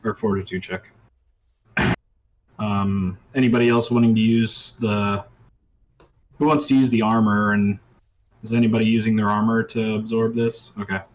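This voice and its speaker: A man running a tabletop role-playing game as game master, talking in a relaxed way with many ums and uhs. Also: lowish voice, moderate pace, long pauses, muffled recording.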